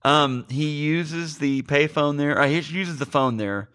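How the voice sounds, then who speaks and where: A man's voice: a little high, a little slow, a bit bright, no room sound, clean studio sound. A man hosting a podcast, recapping a movie in casual chat, rambling and joking. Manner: rambling, joking, lots of fillers. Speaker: podcast host.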